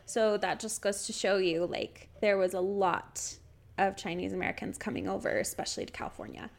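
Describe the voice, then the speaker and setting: A woman's voice: medium pitch, steady tone, brisk, gravelly. A young woman co-hosting a podcast, chatting casually, laughing often and walking through history notes. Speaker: podcast co-host.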